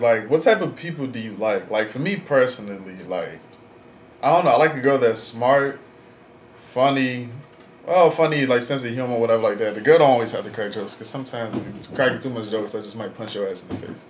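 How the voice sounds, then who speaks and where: Recorded in an echoey room with faint background noise, a vlogger in his twenties chats loosely, blunt and frank, and packs his rambling with fillers and slang. His mid-range voice is expressive and fairly quick.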